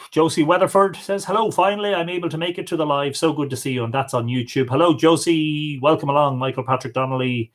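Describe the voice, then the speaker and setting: A man's voice: on the high side, steady tone, quick pace, hardly any pauses. A man with an Irish accent hosting a livestream, chatting casually and reading viewers' comments aloud, greeting each one by name. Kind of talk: casual live chat.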